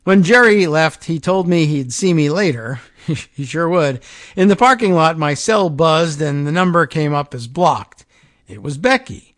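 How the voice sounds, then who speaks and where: A man with a fairly high voice reads a long first-person story to his listeners. His dry, close-miked delivery keeps dropping into quiet, sardonic side comments before he goes back to the reading. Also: lively intonation, a little slow, no echo. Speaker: podcast host. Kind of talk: reading a story aloud with asides.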